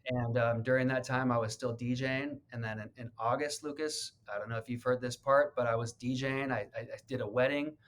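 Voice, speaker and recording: A man in an interview telling his own story in an earnest, heartfelt way. His voice sits at a middle pitch. He stumbles and repeats words when the story gets emotional. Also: steady tone, a little fast, hardly any pauses, a bit bright. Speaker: real estate agent. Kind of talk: personal storytelling in a sit-down interview.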